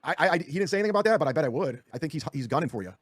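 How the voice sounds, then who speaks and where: A man argues defensively on a podcast, tripping over his words. He talks very fast at a fairly high pitch. The sound is dry and close. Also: lively intonation, breathy edge, no room sound. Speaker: streamer. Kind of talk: heated podcast argument.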